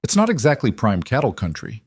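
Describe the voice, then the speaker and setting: A man playing a quiet, steady rancher who speaks in a measured, matter-of-fact way. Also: medium pitch, slightly rough, no room sound, clean studio sound. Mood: earnest.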